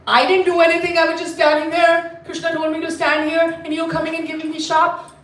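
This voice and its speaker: A woman's voice: very high voice, monotone, brisk, fairly bright tone, pitched above the performer's own voice. A woman voicing an aggrieved male gatekeeper who protests his innocence. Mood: indignant. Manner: indignant protest. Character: aggrieved male gatekeeper, indignant and put-upon. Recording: roomy, mic at a distance.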